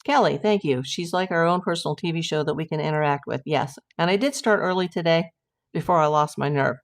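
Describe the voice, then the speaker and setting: A woman's voice: sits low, brisk. A middle-aged woman hosting a casual livestream, chatting and reading viewer comments aloud in a rambling way. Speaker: livestream host.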